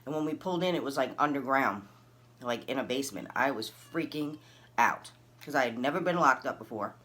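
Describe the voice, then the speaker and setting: A woman casually telling a personal story, acting out the people in it with big jumps in her voice. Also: fairly quick. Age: adult, recalls early twenties and has a son. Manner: animated, acts out dialogue with big pitch jumps.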